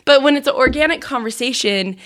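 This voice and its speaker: A woman's voice: sits high, fairly quick, fairly bright tone. A woman, a podcast host and audio biographer, chatting casually with friends about her work and often saying "like". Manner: chatty, uses fillers like "like", laughs at herself. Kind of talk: casual conversational interview.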